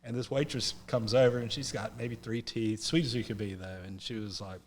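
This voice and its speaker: A man's voice: lowish voice, steady tone, fairly quick, a little hiss or hum. A man from North Carolina with a Southern American accent, a podcast guest who tells a rambling, self-mocking story with many restarts. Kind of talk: casual storytelling.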